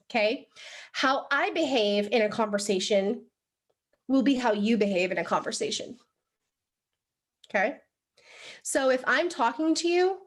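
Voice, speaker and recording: Young woman running a sales team training, kinda high voice, super chatty and animated, says like a lot. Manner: animated, chatty, lots of "like" and "right?". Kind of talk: motivational training talk. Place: room with a live audience.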